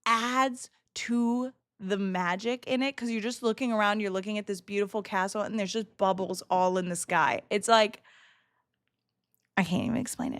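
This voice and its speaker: A woman livestreamer chatting casually with her viewers, telling animated stories with lots of laughing and swearing. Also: mid-range voice, moderate pace, dry recording, clean studio sound. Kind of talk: casual chat with stream viewers. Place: home streaming setup.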